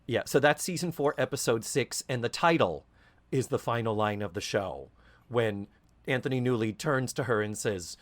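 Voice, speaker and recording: A man's voice: mid-range voice, normal speed. A man co-hosting a podcast, talking casually and theatrically, breaking into put-on voices to quote scenes. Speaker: podcast co-host. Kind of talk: casual chat.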